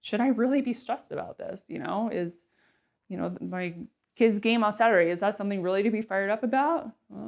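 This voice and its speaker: A woman's voice: medium pitch, creaky, a little mellow. Chatty woman giving a casual health talk. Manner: chatty, many fillers and asides, acts out quotes.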